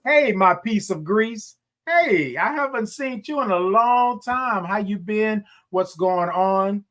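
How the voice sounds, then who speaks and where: On his upbeat morning livestream, a man welcomes viewers by name, calls them y'all, and sings his greetings out in long notes. His high, fairly bright voice is expressive and unhurried.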